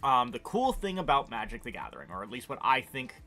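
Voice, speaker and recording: A man's voice: medium pitch, big pitch swings, fairly quick, sharp tone, soft background music. A man co-hosting a casual stream chat, rambling with lots of ums and likes. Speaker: streamer co-host.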